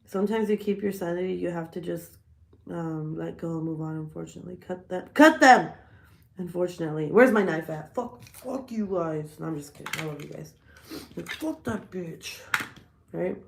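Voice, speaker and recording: A woman's voice: lowish voice, a little fast, gravelly, a little mellow, reverberant. A woman hosting a casual hangout video, joking and swearing as she rambles, with a cold. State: sick with a cold, coughing. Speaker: vlogger hosting a hangout livestream. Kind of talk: casual chat.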